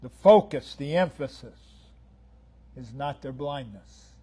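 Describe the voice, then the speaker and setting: A man preaching a sermon, emphatic and repetitive, swinging between loud declarations and hushed lines. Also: mid-range voice, lively intonation, slow, slightly rough. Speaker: pastor.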